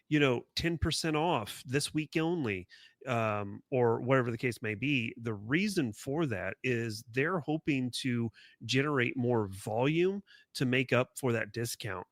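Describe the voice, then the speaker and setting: A man's voice: mid-range voice, a bit bright, no echo. A man with a mid-range voice co-hosts a casual podcast. He lays out business ideas methodically, one step at a time. The sound is dry and close. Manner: methodical, explains pricing concepts step by step. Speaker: podcast co-host.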